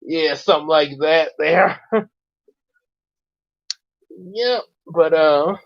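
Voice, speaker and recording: A man hosting a casual reaction chat, rambling and halting with many restarts. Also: a little high, highs cut off. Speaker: host.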